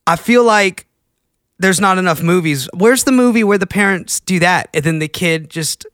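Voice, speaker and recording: A young man chatting casually as a podcast host, rambling between mumbled asides and excited outbursts. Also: high-pitched, normal speed, clean tone, dry recording, studio quality. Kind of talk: casual solo chat.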